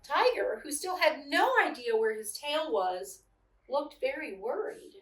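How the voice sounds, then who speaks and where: A middle-aged woman reading a picture book aloud, her voice high with big, lively swings and an unhurried pace. She sounds set back from the mic in an echoey room. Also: far from the mic. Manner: gentle, expressive, chatty with a child nearby. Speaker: storyteller reading to children. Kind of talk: children's story read-aloud.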